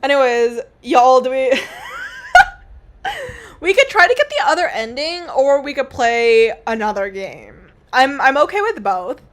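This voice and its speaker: A woman's voice: sits high, expressive, normal speed, hardly any pauses. A young woman streaming a game, talking in a casual, rambling, self-mocking way with some swearing. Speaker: gaming streamer. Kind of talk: casual let's-play commentary.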